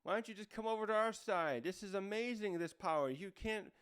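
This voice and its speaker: Smug possessed soldier, coaxing and tempting, pitched up, as a man puts him on. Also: brisk, fairly bright tone, clear, resonant tone.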